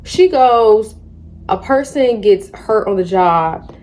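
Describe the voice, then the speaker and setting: Young woman, book vlogger, warm mellow tone, slangy lively recap. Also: medium pitch, slow pace. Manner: chatty, slangy, animated retelling. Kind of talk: casual book discussion.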